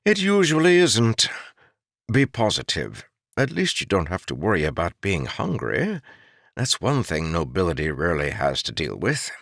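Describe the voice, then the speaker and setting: A man's voice: deep voice, wildly swooping pitch, moderate pace, vocal fry, fairly bright tone, no echo, exaggerated voice. A man doing a wry, teasing court jester. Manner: dry teasing banter. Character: wry male court jester, mocking and worldly.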